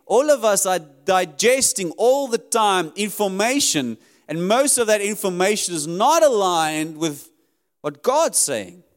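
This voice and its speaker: A man preaching a sermon in an earnest, emphatic way, his voice rising high and dropping low as he drives his points home. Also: very animated, measured pace. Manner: earnest, emphatic preaching that rises and drops sharply. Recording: long hall reverb.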